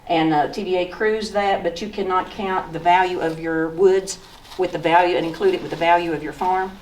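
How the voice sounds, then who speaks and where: In a museum lecture room, a Southern-accented author in her sixties from East Tennessee walks through old photos, pointing them out and telling folksy stories from her memories. She talks a little fast in a fairly low, darkish voice with fairly even intonation. It's captured from far off in an echoey room with slight background noise.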